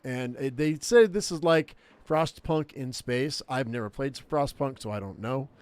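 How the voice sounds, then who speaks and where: A man's voice: mid-range voice, unhurried, darkish tone, clear, resonant tone, no room sound. A man giving casual gameplay commentary as a gaming YouTuber, rambling and thinking aloud with lots of fillers and restarts.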